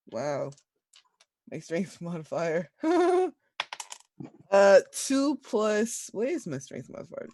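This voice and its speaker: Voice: mid-range voice, a little mellow, no echo. A player in a tabletop game, rambling and self-deprecating, hesitating as they describe their moves. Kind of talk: casual tabletop game chat.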